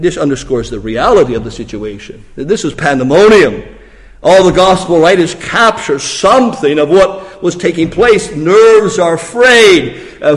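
A man preaching a sermon in a slightly high voice. He drops to a hush, then rises into loud, emphatic questions. His voice trails off into a long reverb from a large hall. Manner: dramatic, swings from hushed to loud emphatic questions. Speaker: pastor.

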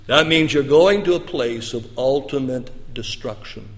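A man preaching a sermon with emphatic delivery, swinging between loud bursts and soft, low stretches. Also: a little slow. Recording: long reverb of a large hall.

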